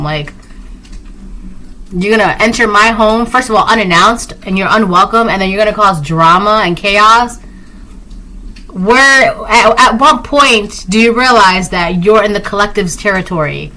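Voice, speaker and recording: Bright-voiced woman giving a rambling tarot reading. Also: medium pitch, unhurried, slight background noise. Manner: rambling, with many fillers and repeated phrases. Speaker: tarot reader. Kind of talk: casual spoken tarot reading.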